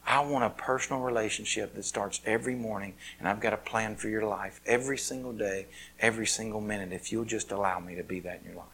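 A man voicing God as a gentle, patient male voice, quieter and lower than his own speech. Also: quick pace, a little hiss or hum.

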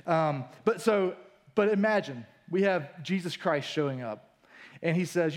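A man preaching a sermon in an energetic, colloquial way, rising in pitch for emphasis. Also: unhurried. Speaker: pastor.

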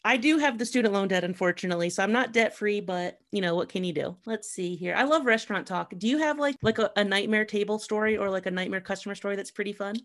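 A woman's voice: mid-range voice, quick pace, hardly any pauses. Chatty woman podcast host. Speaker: podcast host, former server. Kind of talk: casual podcast chat.

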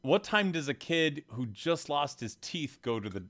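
A man's voice: on the high side, sing-song, moderate pace, fairly bright tone. A man co-hosting a podcast in casual chat, telling stories in a rambling way and acting out the quotes. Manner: storytelling, acts out quotes, rambling restarts. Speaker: podcast co-host.

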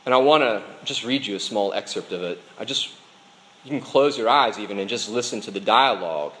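A man's voice: on the low side, animated, brisk, a bit bright, a little hiss or hum, low-quality recording. A man preaching a sermon, speaking earnestly to his congregation. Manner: earnest preaching, reads a dialogue aloud with voices. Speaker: pastor.

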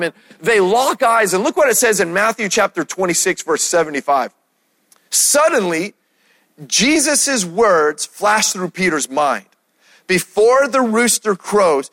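Pastor, male, high voice, preaching with building emphasis to a congregation. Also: a bit bright. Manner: preaching with rising emphasis and repeated questions to the crowd. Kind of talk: sermon. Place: church stage.

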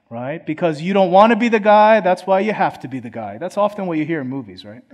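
A pastor from Philadelphia delivering a sermon to his congregation. He talks in an earnest, chatty way, with a voice pitched a little above most men. He often slips into quoted voices to make his point. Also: lively intonation, fairly quick, hardly any pauses. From Philadelphia, USA. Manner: conversational, earnest, acts out quotes. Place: church.

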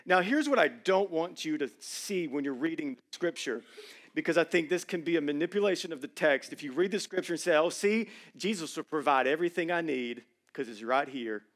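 A high-pitched man preaches from a church stage. His sermon is conversational and full of jokes, and his voice swings between loud emphasis and quiet asides. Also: animated, brisk. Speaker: pastor.

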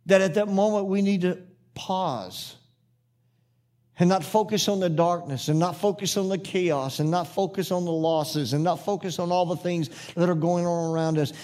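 A man with a high voice and darkish tone preaches as pastor, fervent and rhythmic in his repeated phrases. Partway through, his impassioned sermon turns to relaxed, folksy personal storytelling.

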